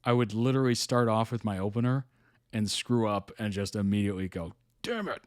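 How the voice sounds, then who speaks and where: Wry guy telling a story on himself, lowish voice, dry sound. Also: steady tone, brisk, dry recording. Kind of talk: casual chat.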